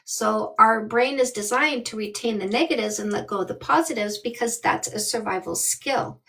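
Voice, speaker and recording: A woman's voice: on the high side, normal speed, gravelly, pushed and bright, low-quality recording. A woman in her fifties from Canada, a dating coach giving blunt, emphatic advice on a live call. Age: 50s.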